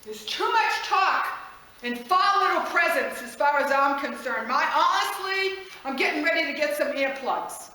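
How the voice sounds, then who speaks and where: An impassioned woman preacher with a high, bright voice. She builds to near-shouts and laughs as she speaks. The room around her is very echoey. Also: expressive, normal speed. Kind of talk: passionate sermon.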